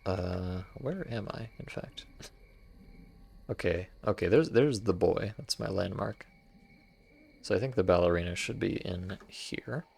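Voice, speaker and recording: A man's voice: sits low, unhurried, creaky, a little mellow, breathy edge. A man streaming a game, giving wry, playful commentary to his chat as he explores. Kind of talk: casual gameplay commentary.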